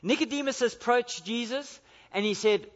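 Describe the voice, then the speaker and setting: A man preaching a sermon, emphatic and repetitive, building to forceful declarations. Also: very high-pitched, moderate pace. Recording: echoey hall, dull lo-fi.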